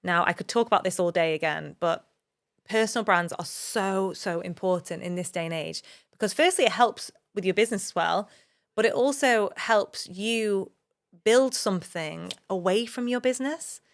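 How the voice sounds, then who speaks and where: A woman's voice: mid-range voice, moderate pace, creaky. A woman in her thirties from England hosting a solo podcast, talking openly and earnestly about her own experiences to encourage listeners. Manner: earnest, open, motivational, speaks of personal experience. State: emotional at times. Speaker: podcast host.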